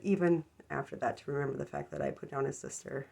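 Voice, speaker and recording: Low, gravelly woman rambling through a story. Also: fairly even intonation, rapid-fire, hardly any pauses. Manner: rambling, full of ums and likes; self-deprecating, embarrassed about the story. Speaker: vlogger. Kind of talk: casual storytelling. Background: background music.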